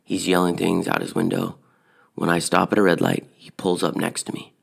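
Brief: low-voiced man, heavy vocal fry, casual personal storytelling. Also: normal speed. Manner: relaxed conversational storytelling.

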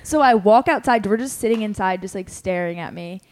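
A young woman hosting a podcast, telling a story in casual chat, animated and full of "like" fillers as she acts out what people said. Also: medium pitch, brisk. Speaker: podcast host.

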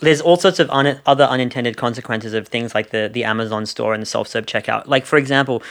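Australian man, co-host, rambling talker, dry sarcasm, mid-pitched. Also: quick pace, gravelly, a bit bright. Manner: rambling, many restarts and fillers, dry sarcasm. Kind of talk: casual discussion.

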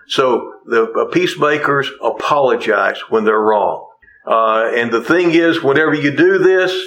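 A man preaching a sermon from the pulpit, earnest and plainspoken. He drives points home by repeating key phrases. He drops in folksy, gently humorous asides, all at a mid-range pitch. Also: poor audio. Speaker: pastor.

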